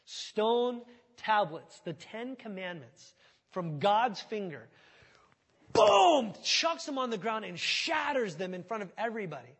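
A male pastor preaching a sermon with animated storytelling, swinging from loud bursts to hushed tones. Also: high voice, slightly rough.

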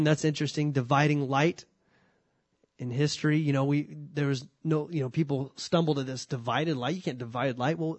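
A man's voice: on the high side, no room sound. A man teaching a sermon on scripture, conversational with dry humor and frequent restarts. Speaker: pastor.

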